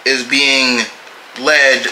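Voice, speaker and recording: A man talks through a comic book review in a slow, unhurried way, often stumbling and repeating himself before finishing a thought. His voice is bright and edged, and it bounces around an echoey room with faint music underneath. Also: medium pitch, level tone, a little hiss or hum. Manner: halting, repeats and restarts phrases. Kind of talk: casual video review.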